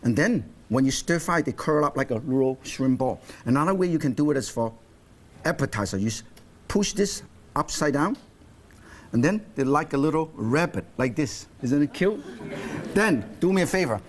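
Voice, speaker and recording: A man's voice: a little high, lively intonation, normal speed. An older man hosting a cooking demonstration in a TV studio kitchen, exuberant and playful, speaking broken English. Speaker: TV cooking show host.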